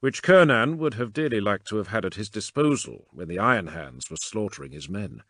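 Male audiobook narrator: low, animated, measured storytelling. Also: no echo, studio quality. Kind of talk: scripted narration.

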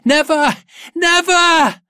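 A man's voice: sing-song, normal speed, husky, no room sound, studio quality. A man voicing a frightened young girl. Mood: defiant shouting. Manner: high, breaking with fear, then shouting defiantly.

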